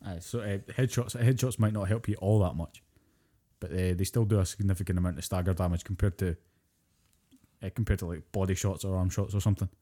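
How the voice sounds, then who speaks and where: A man, co-hosting a podcast and retelling a video game's story in casual, animated chat, swearing freely as he goes. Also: low-pitched, brisk. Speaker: podcast co-host.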